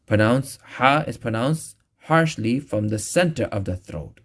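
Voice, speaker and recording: A man teaching a recorded Quran recitation lesson, patiently explaining where each sound is made and repeating each one slowly. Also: mid-range voice, animated.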